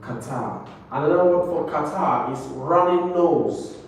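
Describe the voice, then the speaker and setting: A man teaching English pronunciation in a classroom, pitched a little high and speaking very slowly. He repeats every word deliberately for his students. He is picked up from far off in a very echoey room with a faint hiss behind him. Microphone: distant camera mic.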